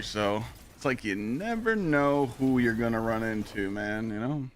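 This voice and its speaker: A man streaming live, telling a story in a casual, profane and animated way. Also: mid-range voice, moderate pace, a little hiss or hum.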